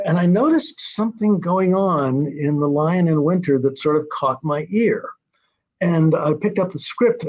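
Older male guest, slightly higher voice, meandering anecdotes full of pauses, dull lo-fi sound. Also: darkish tone. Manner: rambling storyteller, many hesitations. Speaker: guest, TV writer-director. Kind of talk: casual interview chat.

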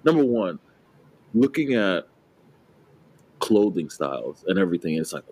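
On a rough recording, a New Jersey man in his late twenties co-hosts a podcast in a fairly low, darkish, slightly rough voice. Very animated at a moderate pace, he leaves long pauses, rambles with plenty of fillers and restarts, and laughs often in this casual chat.

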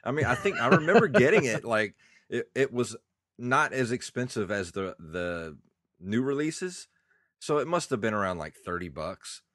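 A man's voice: medium pitch, big pitch swings, moderate pace, fairly bright tone, no echo, clean studio sound. A man in his thirties, a podcast co-host, chatting casually in a rambling, nostalgic way while congested. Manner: rambling, nostalgic, laughs often. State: congested, coughing. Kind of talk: casual chat.

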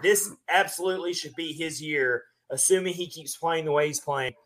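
A man co-hosting a sports podcast, talking casually and at length with relaxed fillers. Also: on the high side. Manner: relaxed, talkative, drawn-out fillers. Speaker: podcast co-host.

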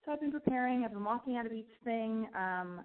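A woman's voice: on the high side, lively intonation, a little fast. A woman hosting a call-in radio show, talking candidly and rambling with swearing and self-analysis. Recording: phone-like narrow sound.

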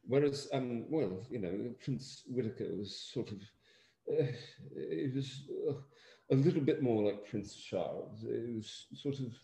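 An American man, an actor, chatting in an interview in a halting, rambling way with lots of fillers and dry humor. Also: medium pitch, creaky, warm tone, reverberant. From United States. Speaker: actor interviewed about a film. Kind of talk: casual interview chat.

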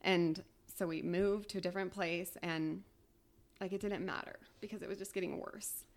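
A young woman on a podcast telling a painful personal story in a quiet, halting way, full of "like"s and sometimes near tears. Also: lowish voice, fairly even intonation. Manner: quiet, halting, tearful at times, many "like"s. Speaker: podcast guest.

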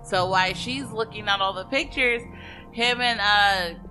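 A woman recapping a film in relaxed conversation, with plenty of "like" and "uh" as she quotes the characters. Her voice is bright and forward. Quiet music plays in the background. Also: medium pitch, a little slow, rough recording. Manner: chatty, fillers, quotes characters. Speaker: podcast co-host recapping a film. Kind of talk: casual chat.

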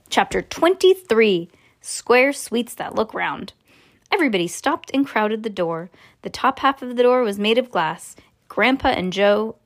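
Woman reading a kids' book aloud, friendly, playful, mid pitch, chatty with her child. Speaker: parent reading a bedtime story.

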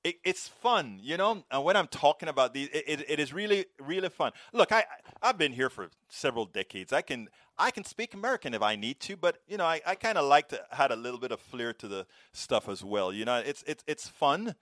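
A man's voice: fairly high pitch, fairly quick, hardly any pauses, dry recording, clean studio sound. Panamanian-accented man rolling his R's. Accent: Panamanian Spanish. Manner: rolls his R's, lively and expressive. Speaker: host reading viewer comments. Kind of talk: live-stream commentary.

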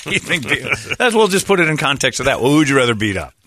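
A man co-hosting a podcast, bantering crudely, joking and mocking loudly with frequent laughter. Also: medium pitch, sing-song, quick pace. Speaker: podcast co-host.

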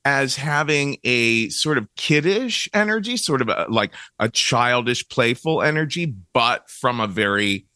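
A middle-aged man from Ohio tells animated stories as a guest in a casual interview and laughs often. His voice is bright and forceful, at a medium pitch. The sound is close and dry. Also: measured pace, hardly any pauses, no echo. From Cincinnati, Ohio, USA.

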